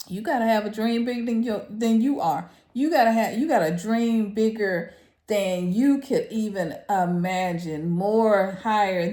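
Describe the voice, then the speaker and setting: A woman talks straight to camera in a casual, incredulous rant, breaking into laughter between phrases. Her voice sits high and swings widely, and she draws her words out slowly. The room around her is noticeably echoey. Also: a little mellow. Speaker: vlogger.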